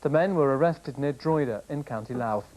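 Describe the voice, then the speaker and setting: A man reading a news bulletin in a measured, formal way. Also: mid-range voice, darkish tone, poor audio. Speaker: newsreader.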